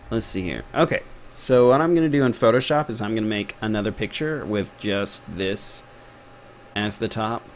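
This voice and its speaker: Texan man, Texan accent, lowish voice, casual live tutorial, jokey, thinks aloud. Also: a little hiss or hum. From Texas. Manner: chatty, thinks aloud, mutters to himself, jokey. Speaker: game developer teaching a tutorial.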